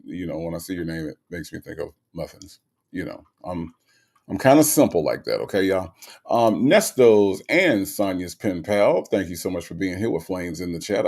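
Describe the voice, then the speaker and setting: Animated man with a gravelly low voice. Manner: animated, greets viewers one by one. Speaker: livestream host. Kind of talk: casual livestream chat, reading comments.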